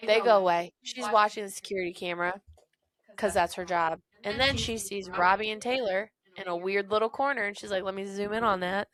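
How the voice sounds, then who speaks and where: A woman co-hosting a book chat podcast, her voice sitting at an ordinary middle pitch. She recaps scenes in a lively, laughing way and slips into little acted-out quotes. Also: brisk. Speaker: podcast co-host. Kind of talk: casual book-discussion chat.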